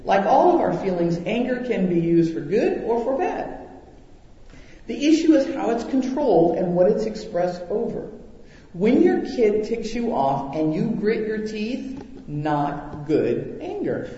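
A man's voice: high-pitched, a little slow. A man preaching a sermon, telling stories animatedly and acting out the voices in them. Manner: animated storytelling with acted-out quotes. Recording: echoey hall, dull lo-fi sound.

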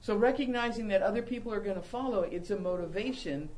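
An older woman teaching from the Bible with a mid-range voice, full of animated, self-mocking stories. Her delivery rises and falls as she leans into the humor. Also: medium pitch, fast, rough recording.

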